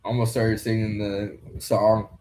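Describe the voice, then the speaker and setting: A man's voice: on the low side, level tone, slow pace, darkish tone, a little hiss or hum. A young man hosting a casual fight commentary, rambling loosely and swearing now and then. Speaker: podcast host commentating a fight card.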